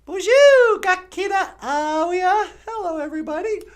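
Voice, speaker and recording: Bubbly falsetto puppet woman, giggly, flirty, chirpy, very high and lively, as a man puts her on. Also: unhurried. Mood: bubbly, sweet. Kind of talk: puppet show comedy.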